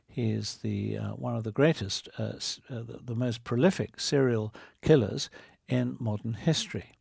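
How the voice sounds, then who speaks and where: A man's voice: medium pitch, gravelly, darkish tone, husky, dry recording, studio quality. A man preaching a sermon, earnest and driving his point home with vivid hypothetical scenarios.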